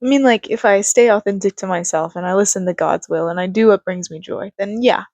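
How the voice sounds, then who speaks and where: This young woman vlogs about life and faith in a casual, reflective ramble dotted with fillers and laughs, and she sounds a bit stuffed up. Her medium-pitched voice is a little mellow and fairly quick, with no echo.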